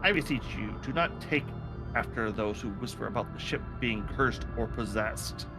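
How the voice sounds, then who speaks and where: Dude reading as a stiff formal old servant guy, a bit higher, music on. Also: moderate pace, lightly acted. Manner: formal, beseeching. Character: stern older male seneschal.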